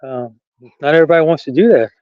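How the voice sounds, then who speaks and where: A chatty, rambling man talks into his camera while out on a country trail. His voice sits a little high for a man and laughs come easily. The sound is dull and lo-fi, dry and close, with no room around it. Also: quick pace, no echo. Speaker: vlogger. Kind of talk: casual walking vlog. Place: outdoors on a rural trail.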